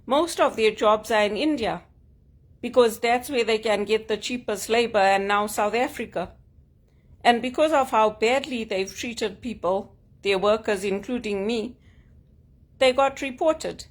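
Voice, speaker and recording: A woman's voice: fairly high pitch, measured pace. A woman vlogging at home, talking frankly and with grievance in short emphatic statements. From Zimbabwe. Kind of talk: personal vlog monologue. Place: at home, sitting on a couch.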